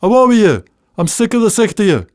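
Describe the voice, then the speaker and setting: A man's voice: fairly high pitch, takes it slowly, clear, resonant tone, no room sound, studio quality. A man doing a scolding Scottish mother. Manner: scolding, broad dialect. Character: scolding older Scottish woman, sharp-tongued mother.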